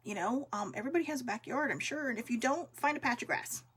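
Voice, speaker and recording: A woman's voice: fairly high pitch, lively intonation, fast talker, a bit bright, breathy edge. A woman hosting a vlog, talking to her viewers in a casual, heartfelt way, earnest and encouraging, with many fillers. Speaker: vlog host.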